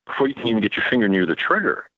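Low-voiced man with emphatic, sarcastic delivery. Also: sing-song, racing, no echo. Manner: emphatic, sarcastic rhetorical questions. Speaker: author and guest. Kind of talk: interview talk. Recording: dull lo-fi dry audio.

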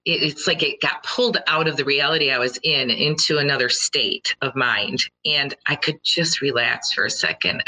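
A middle-aged woman giving an earnest motivational talk to listeners, telling personal stories with animated quoted reactions. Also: low-pitched, poor audio. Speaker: speaker addressing listeners.

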